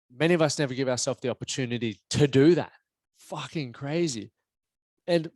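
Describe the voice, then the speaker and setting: Candid swearing podcast host. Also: male voice, medium pitch, no echo. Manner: candid, swears casually, reflective. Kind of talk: casual solo podcast monologue.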